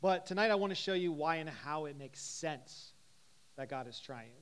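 A man's voice: fairly high pitch, animated, normal speed, clean tone. A man in his thirties giving a casual teaching talk to a live group, talking conversationally with many fillers and putting questions to his listeners. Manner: conversational, frequent "uh" fillers, asks the audience questions. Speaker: teacher at a Christian ministry gathering.

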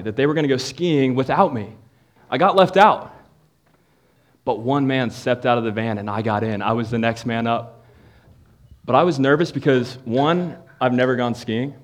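A young man telling a playful comic story as a youth speaker before shifting into a sermon for a live audience. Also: mid-range voice.

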